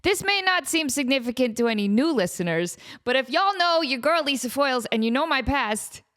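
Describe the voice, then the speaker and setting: Lady podcast host in her 30s, kinda high voice, jokey and self-roasting, chatty. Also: fairly quick. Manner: animated, self-mocking, joking. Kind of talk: casual chat.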